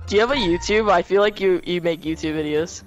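A man's voice: sits high, fast talker, muffled recording, faint music behind. A young man chatting and laughing easily in a roleplay game. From America. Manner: laughs a lot, easygoing. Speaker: roleplay player. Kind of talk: casual game chat.

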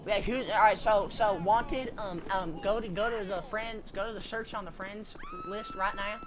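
A woman gamer talking loud, goofy and profane in online party chat, drawling "y'all" and "feller". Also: medium pitch, huge pitch swings, moderate pace, a crowd in the background. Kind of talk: rowdy party chat while gaming.

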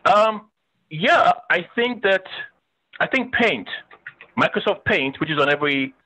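Bright-voiced man teaching web design. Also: high-pitched, expressive, measured pace, low-quality recording. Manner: chatty, thinks aloud while demonstrating; joking with students. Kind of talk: casual screen-share lecture.

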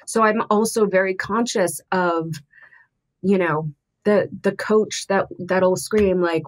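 A woman's voice: medium pitch, steady tone, slow pace. Woman, middle-aged, podcast guest, earnest, thoughtful, restarts often, mid-range voice. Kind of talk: candid podcast conversation.

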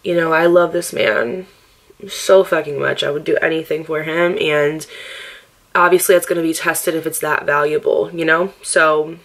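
A woman's voice: sits low, fairly even intonation, normal speed, fairly bright tone. A young woman vlogging in a casual chat, candid and upbeat, laughing often, heavy on "like" and swearing freely. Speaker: lifestyle vlogger. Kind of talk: casual get-ready-with-me chat.

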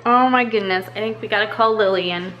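A woman's voice: mid-range voice, a little fast, highs cut off, slight background noise. A woman filming a home vlog, talking in sing-song baby talk to her toddler and chatting to viewers. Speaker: vlogger mom.

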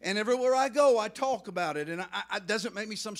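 A male pastor preaching a sermon in a church, emotional and excitable, rising to loud outbursts. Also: high voice, quick pace. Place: church sanctuary.

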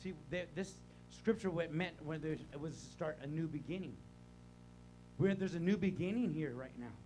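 An older man preaching a sermon in a church, animated, rising to shouts and dropping to quiet talk. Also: fairly high pitch, moderate pace, faint music behind. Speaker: pastor. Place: church sanctuary.

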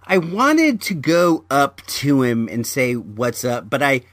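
A man hosts a podcast in a mid-pitched, everyday voice, chatting loosely and stumbling over his words, often saying them twice before he goes on. The sound is close and dry, with no room echo. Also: expressive. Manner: halting, repeats words, rambling. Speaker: podcast host. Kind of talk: casual chat.

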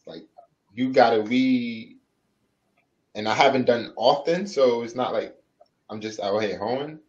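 A man's voice: mid-range voice, unhurried, a little mellow, muffled recording. A man on a casual panel show, joking around in slangy talk about dating. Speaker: panel guest.

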